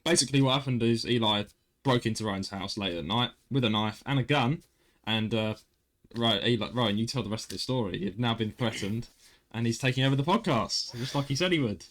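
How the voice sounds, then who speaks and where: A man's voice: medium pitch, a little fast. A young man, hosting a casual podcast chat and telling a story with lots of restarts. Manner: animated storyteller, self-interrupting with restarts. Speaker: podcast host.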